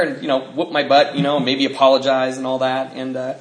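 A man's voice: mid-range voice, little pitch movement, brisk, reverberant, poor audio. A man sharing a personal testimony, telling the story of his life candidly, with fillers and nervous laughs.

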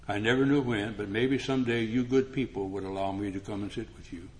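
An older man speaking at a recovery meeting, telling a humorous personal story and getting animated as he acts out conversations. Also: brisk, hardly any pauses. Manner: animated, rises in pitch when acting out dialogue. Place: meeting room before an audience.

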